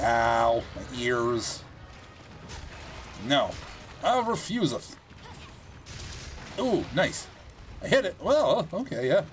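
A man with a mid-range voice gives casual gameplay commentary, chatting and thinking aloud as he plays. His reactions are animated.

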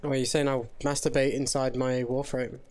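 A man's voice: mid-range voice, moderate pace. A young man chatting jokily while playing a video game, now and then slipping into silly voices. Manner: jokey, excitable, often slips into silly voices. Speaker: gamer host. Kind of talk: casual gaming chat.

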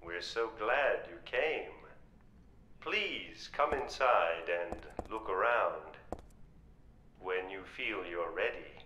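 An actor playing a polite haunted house ride announcer guiding visitors in a game. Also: male voice, on the low side, lively intonation, sharp tone, highs cut off, exaggerated voice. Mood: calm. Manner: slow, polite guide. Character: calm adult male ride announcer. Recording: echoey game audio with noise.

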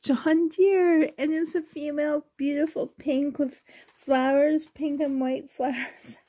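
A woman's voice: high-pitched, fairly even intonation, takes it slowly, dark tone, dry recording. A woman opening a package on her vlog, gasping with delight, dropping into whispers, emotional and close to tears. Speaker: reborn doll collector, channel host. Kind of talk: excited unboxing vlog.

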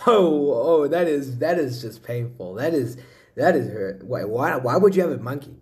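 A man talks through a casual reaction video in a lively, sing-song voice that swings up and down. He keeps exclaiming and repeating himself, tossing asides to his viewers. His pitch sits in an ordinary middle register. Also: normal speed. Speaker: video host.

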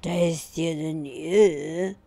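A woman reading a storybook aloud, voicing a greedy, gruff male wolf who growls slowly. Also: sits low, steady tone, mellow, soft background music, exaggerated voice. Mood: menacing. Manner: growling, slow and menacing.

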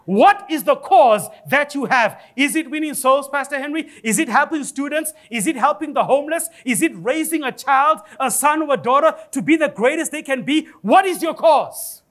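Male pastor, very high voice, lively and joking from the pulpit. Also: moderate pace, hardly any pauses. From Africa. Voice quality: high-pitched voice. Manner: animated preaching with rising exclamations and humor. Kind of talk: sermon. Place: church.

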